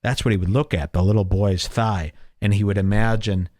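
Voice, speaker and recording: A man's voice: on the low side, fairly even intonation, brisk, darkish tone, no echo, clean studio sound. A middle-aged man hosting a podcast, giving crude comedic commentary and mocking people by putting on voices for them. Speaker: podcast host.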